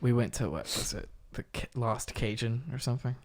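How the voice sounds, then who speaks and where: A man's voice: mid-range voice, brisk, a crowd in the background. A man as a podcast guest in casual chat, easygoing and laughing often.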